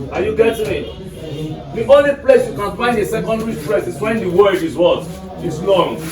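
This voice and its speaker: A man teaching an English lesson to a class, repeating his points and quizzing students with prompts. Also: sits high. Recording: echoey room from far off, music behind.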